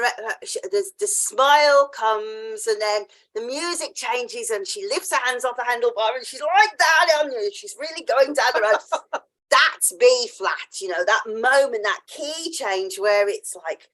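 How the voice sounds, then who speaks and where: Podcast host, woman, somewhat high voice and very animated delivery; casual storyteller who mimics quoted voices. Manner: laughs often. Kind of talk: casual interview chat.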